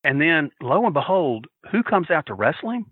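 A man telling a story on a podcast, loud and profane, acting out the shouts of the crowd with laughter. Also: fairly high pitch, very animated, moderate pace, slightly rough, no echo, phone-quality sound. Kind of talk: animated storytelling.

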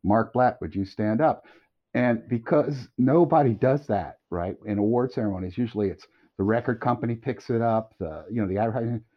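A middle-aged man telling a long anecdote as a podcast guest, animated and quick to laugh. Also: mid-range voice. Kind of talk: storytelling anecdote. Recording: dull lo-fi audio.

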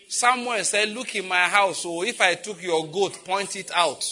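A man preaches with a very bright, ringing voice that sits a little high. He is fervent, calling out to God between points and getting the congregation to repeat lines back to him. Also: fairly even intonation, a little slow, few pauses. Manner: fervent, with prayerful exclamations. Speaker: prayer teacher. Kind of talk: sermon with call-and-response.

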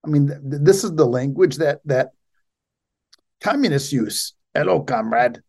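A man's voice: fairly high pitch, expressive, moderate pace, mellow. A man hosting a show, reading out a news article and mocking it with sarcastic commentary. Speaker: show host.

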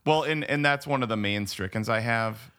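A man's voice: medium pitch, normal speed, sharp tone. A man co-hosting a movie podcast in casual chat, enthusiastic and rambling, full of "like" and restarts. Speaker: podcast co-host.

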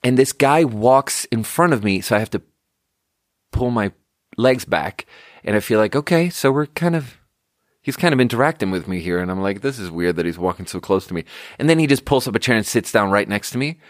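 A young man hosts a podcast, rambling through a self-deprecating story full of fillers and restarts in a casual monologue. His mid-range voice has lively intonation and runs a little fast. The clean studio sound carries no echo.

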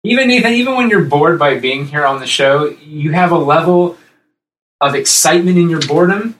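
A man co-hosting a casual podcast chat, rambling and animated, breaking into high-pitched impressions. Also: brisk, echoey room, far from the mic, low-quality recording. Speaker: podcast co-host.

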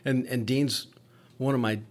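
A man's voice: medium pitch, fairly even intonation, a little slow. Swearing man telling stories. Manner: profane storytelling with many restarts. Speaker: podcast co-host, paramedic. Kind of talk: casual chat.

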